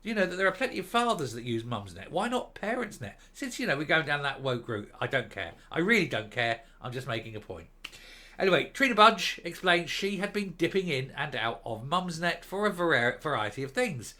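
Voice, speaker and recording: Man with a bright, forceful voice, ranting sarcastic commentary over a news story. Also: on the high side, very animated, fairly quick. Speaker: commentary vlogger. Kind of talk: opinionated commentary on a news article.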